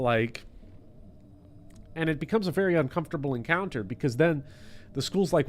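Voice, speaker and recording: A man who works as a teacher, talking casually to his chat while gaming, blunt and heavily profane in an animated rant. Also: fairly high pitch, moderate pace, long pauses. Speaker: teacher streaming a game.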